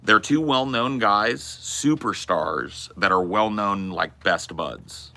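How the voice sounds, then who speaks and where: Low-pitched man, bright forceful tone, casual podcast host, swears freely, rambling anecdote. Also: lively intonation, takes it slowly. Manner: loose, profane, rambling anecdote telling. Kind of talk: casual storytelling.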